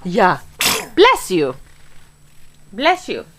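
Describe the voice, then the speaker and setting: A woman's voice: mid-range voice, wildly swooping pitch, very slow, slight background noise. A mother filming a home video, coaxing and cheering on her toddler in a sing-song, baby-talk way.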